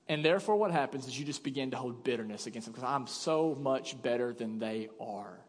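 A young man preaching a sermon as a pastor, talking conversationally and acting out quoted voices. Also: mid-range voice. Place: church sanctuary. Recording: long church reverb.

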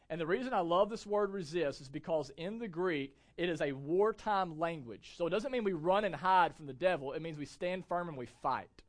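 Delivering a sermon as a pastor, a young adult man with a rather high voice speaks emphatically. He frequently poses rhetorical questions to his congregation.

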